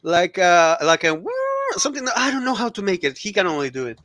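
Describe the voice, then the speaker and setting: A man with a Spanish-speaking accent, a native Spanish speaker, telling animated anecdotes in casual chat. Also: high voice, fast, no echo.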